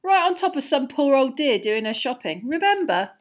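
A woman's voice: high voice, sing-song, normal speed, voice pushed up. A woman voicing a cheeky, teasing teenage wizard boy in a storybook reading.

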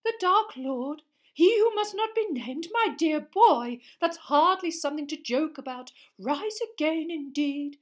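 A woman voicing a dreamy, airy older female professor in a high, loud voice, as in an audiobook. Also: animated, unhurried.

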